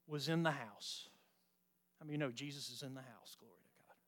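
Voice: medium pitch, a little fast, long pauses. A preacher giving an emphatic sermon, often asking the listeners rhetorical questions in a folksy, teasing way.

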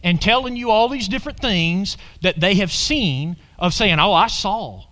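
A man preaching an animated sermon who keeps asking his listeners questions and calling out "Amen?". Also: high voice, moderate pace.

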